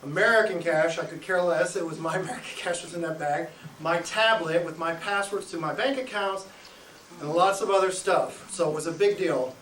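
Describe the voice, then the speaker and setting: A man with a high voice tells a comic travel story on stage, chuckling as he goes. His voice sounds roomy and comes from a few steps off the mic, with a faint hiss behind it. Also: normal speed. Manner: animated, chuckles through his own story. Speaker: stand-up comic. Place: live show venue. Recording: echoey room, mic from a distance.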